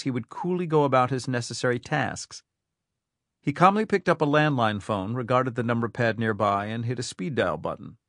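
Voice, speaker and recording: A man narrating a thriller audiobook in a steady, even storytelling manner. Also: mid-range voice, no echo, studio quality.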